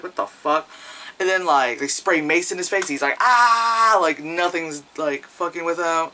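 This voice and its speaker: A man's voice: a little high, bright, forceful tone, a little hiss or hum, poor audio. A man casually reviewing a film, rambling with lots of fillers and profanity, acting out quoted lines. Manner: loose, profane, many fillers; acts out quoted lines in jumpy voices.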